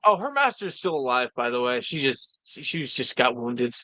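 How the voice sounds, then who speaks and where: A man's voice: medium pitch, big pitch swings, normal speed, sharp tone, no echo. A man guest in a casual chat, eagerly explaining and tripping over his words. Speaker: fan editor, guest.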